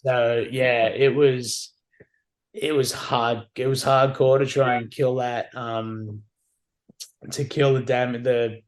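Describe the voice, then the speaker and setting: A man's voice: medium pitch, flat delivery, takes it slowly. A man in his forties, a podcast guest telling candid, wry stories in casual conversation, often adding "like" and "you know what I mean". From Australia.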